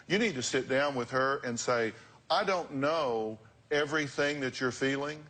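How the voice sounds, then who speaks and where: A man's voice: mid-range voice, normal speed, pushed and bright. A man hosting a talk show, giving blunt, direct advice to guests in a lecturing way.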